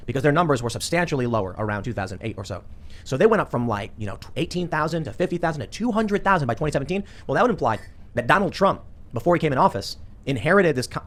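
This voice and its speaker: Quick-talking co-host guy, lots of uhs and restarts. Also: mid-range voice, fairly bright tone. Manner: fast, hesitant, with fillers. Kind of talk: casual political commentary chat.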